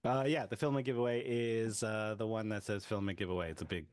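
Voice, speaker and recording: A man's voice: fairly low pitch, steady tone, fast, darkish tone, smooth, no room sound. A man appearing as a podcast guest, talking hesitantly with many fillers. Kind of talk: casual chat.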